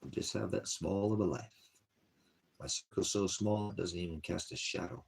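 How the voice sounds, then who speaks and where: Weary ministry host, very low pitch, rambling vlog monologue. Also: male voice, moderate pace. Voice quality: gravelly, husky. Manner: weary, sighing, drifts between topics. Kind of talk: rambling personal vlog talk.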